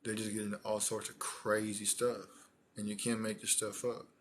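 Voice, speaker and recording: A man giving casual, animated commentary, talking in slang and repeating phrases for emphasis. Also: lowish voice, normal speed, slight background noise. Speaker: commentary streamer.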